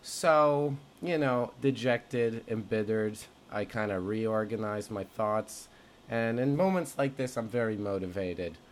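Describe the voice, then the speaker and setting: A man's voice: lowish voice, unhurried, darkish tone, a little hiss or hum. A man narrating his own comic story in a wry, rambling, self-deprecating way. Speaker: comedian telling his story.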